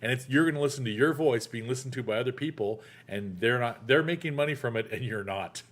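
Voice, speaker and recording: A man hosts a relaxed chat, chatty and animated as he tells a story. He slips into quoted voices along the way. His voice sits at an ordinary middle pitch. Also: fast. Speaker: podcast host. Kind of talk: casual chat.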